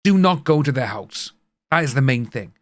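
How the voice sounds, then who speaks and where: A man's voice: mid-range voice, animated, moderate pace, no room sound. A British man giving rambling casual commentary and acting out what others said. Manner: chatty, rambling, acts out quotes. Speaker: reaction video host.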